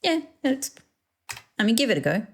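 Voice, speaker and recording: A woman's voice: fairly high pitch, sing-song, background noise. A woman chiming in as an expert co-player on a let's play, offering friendly tips. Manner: chatty, helpful tips, quick to laugh. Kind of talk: casual gameplay chat.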